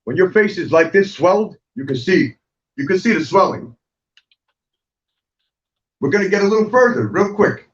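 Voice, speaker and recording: This is a middle-aged man with a high voice and lively intonation, hosting an online talk show where he rants angrily, swears, and keeps repeating himself directly to viewers. He talks at normal speed but pauses often. The livestream audio is dull and roomy, picked up by a far-off mic.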